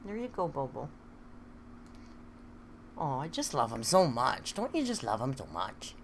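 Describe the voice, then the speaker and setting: Woman, live-stream host; low, very lively voice, chatty and playful. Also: unhurried, a little hiss or hum. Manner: playful, chatty, coos at her pet. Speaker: livestream host. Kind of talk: casual live-stream chat.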